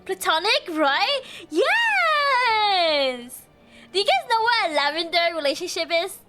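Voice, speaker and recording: A woman's voice: extremely high pitch, very animated, a little fast, over loud music. A woman streamer chatting casually and gushing with giggly reactions. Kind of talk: casual live-stream chat.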